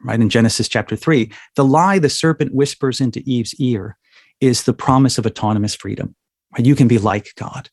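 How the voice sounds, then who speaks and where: A man's voice: mid-range voice, normal speed, no echo, clean studio sound. A man speaking as a minister, explaining ideas in a reflective, conversational way and checking in with frequent tag questions. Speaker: guest, minister. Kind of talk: conversational theology discussion.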